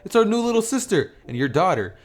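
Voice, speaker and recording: Young male anime hero, played by a man, casual, deadpan, offhand. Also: sits high, fast, voice pushed up.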